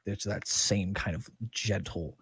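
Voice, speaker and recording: Brief: husky, low-voiced male game master, halting narration, dry mic. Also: fairly even intonation, a bit bright, no room sound. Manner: halting, filler-heavy narration.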